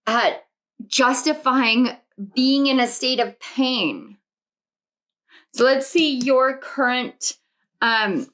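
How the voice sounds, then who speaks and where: Tarot reader, young adult woman; unhurried, earnest, circles back on her words, sits a bit high. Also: a bit bright. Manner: earnest, reflective, repeats phrases. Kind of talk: intuitive tarot reading to camera.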